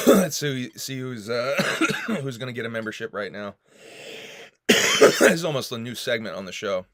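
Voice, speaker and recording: A man's voice: medium pitch, sing-song, normal speed, a bit bright, dry recording, studio quality. A man hosting a casual livestream chat, loose and profane, laughing and coughing often. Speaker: host.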